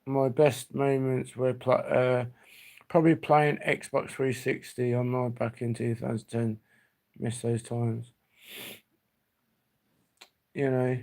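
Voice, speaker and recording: A man's voice: mid-range voice, flat delivery, slow pace, gravelly, long pauses, darkish tone. A man hosting a livestream, reminiscing in a rambling, nostalgic chat that trails off. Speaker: livestream host.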